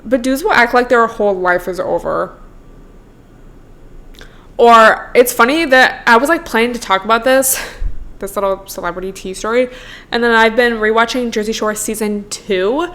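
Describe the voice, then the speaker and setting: A woman's voice: on the high side, normal speed, fairly bright tone. A woman in her twenties hosting her own podcast in casual solo chat, full of "like" and swearing, laughing between points. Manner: chatty, swears a lot, heavy use of "like". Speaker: podcast host.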